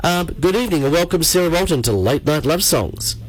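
A man hosting a late-night radio show, hoarse and croaky, chatting and teasing his guest. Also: on the high side, lively intonation, fairly quick, rough recording. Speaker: radio host.

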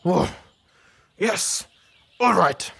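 A woman's voice: lowish voice, expressive, extremely slow, a bit bright, exaggerated voice. A woman voicing a big, grumpy father koala in a storybook with a growly voice. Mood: grumbly. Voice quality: growly, gravelly.

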